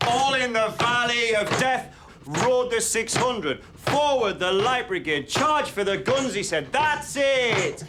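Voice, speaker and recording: An actor playing a stressed, harassed male schoolteacher in a television drama, theatrical in class and flat and weary at home. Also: extremely high pitch, takes it slowly, music in the background, full character voice. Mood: impassioned. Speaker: teacher.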